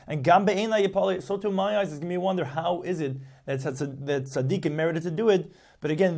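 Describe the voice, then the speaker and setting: Man, Talmud lecture, reads then explains, repeats himself, voice a bit high. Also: a little mellow. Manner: reads Aramaic aloud, then explains in English with repeats and restarts. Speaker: Talmud teacher. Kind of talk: Talmud class lecture, translating line by line.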